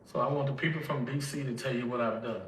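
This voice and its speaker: This older man from Mississippi speaks quickly, at a medium pitch and with fairly even intonation, though he is tearful and emotional as he tells his life story in a Southern accent, acting out the conversations. Recorded in an echoey room from a distance, with slight background noise.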